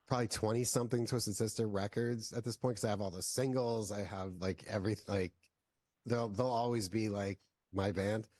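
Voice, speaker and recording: A filmmaker guest in a casual interview, telling long stories with lots of "like" fillers. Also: male voice, on the low side, fairly even intonation, moderate pace, darkish tone, no room sound. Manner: rambling, heavy use of "like" fillers.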